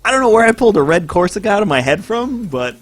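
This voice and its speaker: Animated storytelling man. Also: high voice, fast talker, faint music behind. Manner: animated storyteller acting out voices, swearing. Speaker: podcast co-host. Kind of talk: casual storytelling chat.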